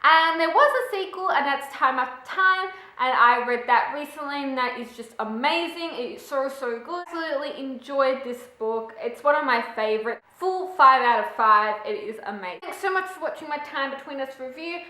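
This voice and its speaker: A woman's voice: high-pitched, normal speed, few pauses, bright, forceful tone. A young woman, chatting in a gushing way as she reviews a book for her vlog. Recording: echoey room.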